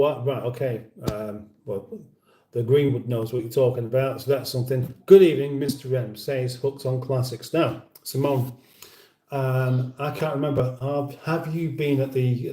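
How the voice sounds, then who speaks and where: Man hosting a live chat, dry humour, rambling, mellow dark voice, echoey room, a bit off-mic. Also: mid-range voice, steady tone, measured pace, far from the mic. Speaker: livestream host. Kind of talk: casual live chat reading viewer comments.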